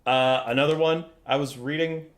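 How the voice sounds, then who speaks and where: A young man streaming a game, chatting in a lively, gushing way and swearing freely. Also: fairly high pitch, normal speed. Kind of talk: casual chat while streaming a game.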